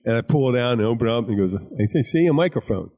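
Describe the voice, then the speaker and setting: A man's voice: mid-range voice, very fast, a little mellow. A man hosting a podcast, a bartender telling rambling stories full of crude jokes and restarts. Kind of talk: casual chat.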